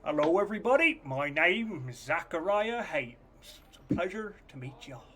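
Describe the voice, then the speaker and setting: A man voicing a humble young male commoner who talks in a soft country drawl. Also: a little high, big pitch swings, moderate pace, pitched above the performer's own voice. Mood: friendly.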